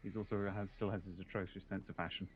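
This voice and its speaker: A man's voice: low-pitched, little pitch movement, quick pace, muffled recording, a crowd in the background. A man chatting in character in a roleplay game, joking and laughing often.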